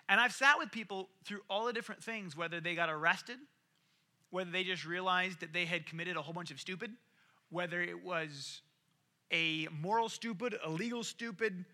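Animated, bright-voiced male preacher. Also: sits high, normal speed. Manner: animated, acts out quoted voices, varies loudness widely. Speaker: pastor. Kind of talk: sermon.

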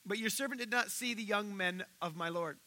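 A male pastor delivers a sermon with a high, sharply bright voice. He retells stories animatedly, jumping into the voices of the people in them. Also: brisk, rough recording. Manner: animated storytelling, acting out quoted voices.

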